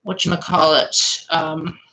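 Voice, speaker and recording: A woman's voice: low-pitched, flat delivery, slow, sharp tone, poor audio. A young woman streaming live, chatting casually and answering her viewers' comments.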